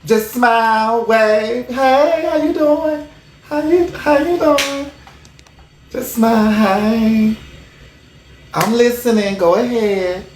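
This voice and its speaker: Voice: mid-range voice, slow pace, echoey room, slight background noise. A livestream host chatting casually to viewers in a sassy, emphatic way, repeating phrases for effect. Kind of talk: casual live commentary to viewers.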